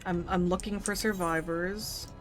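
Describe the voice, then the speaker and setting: A woman talks through her game in casual, unfiltered commentary. Her voice sits on the low side, and she swears freely while reading menu text aloud. The delivery is loose and reactive. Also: fairly even intonation, unhurried, soft background music. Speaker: streamer.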